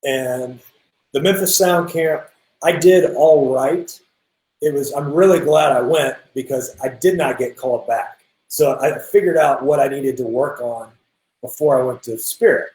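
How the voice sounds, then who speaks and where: Man, young adult, casual interview, animated storytelling, echoey sound. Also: medium pitch, unhurried. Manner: animated, lots of restarts, quotes people in acted voices. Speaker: guest drummer. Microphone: video call. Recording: roomy echo.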